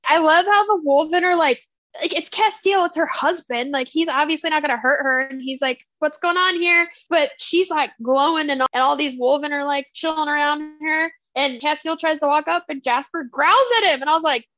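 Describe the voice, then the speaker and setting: A young woman co-hosting a podcast, excitedly retelling a book in slangy casual chat. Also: high-pitched, normal speed, no echo, highs cut off. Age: young adult. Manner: enthusiastic, giggly, slangy retelling. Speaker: podcast co-host.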